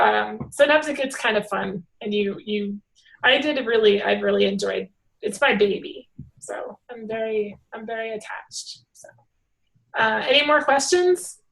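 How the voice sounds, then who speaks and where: A woman talks to a group on a video call, her pitch set a touch high. She rambles and restarts, full of filler words, but keeps an animated, friendly flow. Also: moderate pace, vocal fry, low-quality recording. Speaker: hangout organizer.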